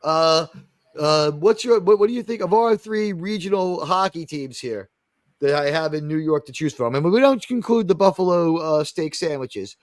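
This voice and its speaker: A man's voice: a little high, lively intonation, moderate pace, no room sound, clean studio sound. A man hosting a casual streamed panel talk show, rambling and joking with frequent laughs. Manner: rambling, jokey, laughs often.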